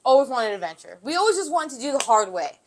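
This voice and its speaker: A young adult woman co-hosting a podcast, telling childhood stories in an animated way, swearing freely and acting out the voices of the people in them. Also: high voice, fast. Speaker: podcast co-host. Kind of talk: casual storytelling chat.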